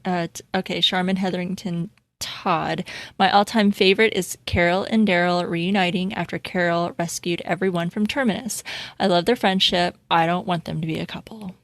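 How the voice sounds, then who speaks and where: A woman podcast co-host reading listener comments quickly in casual chat, without doing any accents. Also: lowish voice, steady tone, no room sound.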